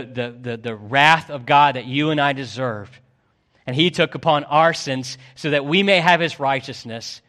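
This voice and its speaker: A man preaching a sermon as pastor, swinging between loud pleading and hushed low tones.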